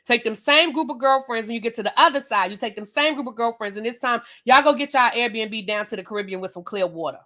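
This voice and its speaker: A woman's voice: a little high, fast, hardly any pauses. A woman hosting a live reality-TV review stream on webcam, ranting bluntly and sassily straight at her viewers. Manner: animated, blunt and sassy, addresses viewers directly. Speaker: reviewer and channel host.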